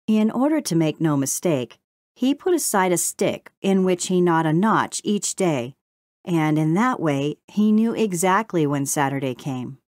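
A woman narrating a children's audiobook in a slow, measured, gentle storytelling manner. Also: on the low side, no room sound, clean studio sound.

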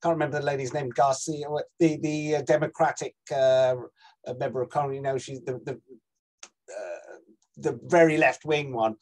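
A man's voice: medium pitch, moderate pace, a little mellow. Hesitant man hosting a casual chat. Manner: hesitant, searching for words. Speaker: host.

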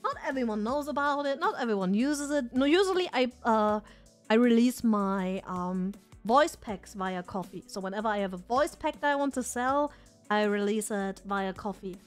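A woman with a high, light voice chats loosely with her live audience. She is excitable and drops swear words freely, and soft music plays faintly underneath. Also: normal speed. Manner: chatty and excitable, swears casually. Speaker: streamer. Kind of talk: casual live-stream chat with viewers.

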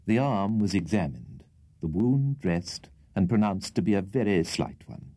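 Man narrating a storybook, dark mellow tone, really lively up and down. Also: fairly low pitch, a little slow, dry recording. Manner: expressive, theatrical. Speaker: audiobook reader.

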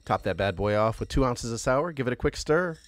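A man's voice: medium pitch, brisk. Playful bartender podcast host, man. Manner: playful, animated, laughs often. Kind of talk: casual movie review chat.

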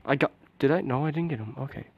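A mid-range, vocal-fry voice rattles along quickly as a man provides casual, excitable commentary on his own play, groaning and exclaiming often and sometimes muttering softly. The recording is muffled, with no room sound.

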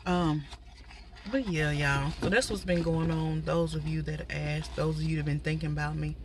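In a casual mukbang chat, a woman vlogger talks straight to her audience from a parked car, with lots of asides along the way. Her low voice holds a steady tone at a moderate pace, slightly stuffy from a cold, with some light background noise.

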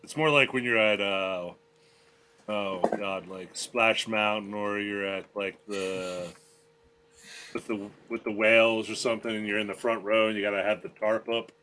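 A man's voice: fairly low pitch, fairly even intonation, moderate pace, pushed and bright, a little hiss or hum. A man playing a tabletop game, chatting casually and rambling while he searches for words. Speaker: player.

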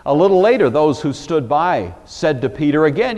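A man's voice: fairly high pitch, big pitch swings, normal speed, darkish tone, long reverb tail. A man from the Pacific Northwest giving a Bible study lecture, emphatic and wry, with conversational asides. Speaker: Bible teacher.

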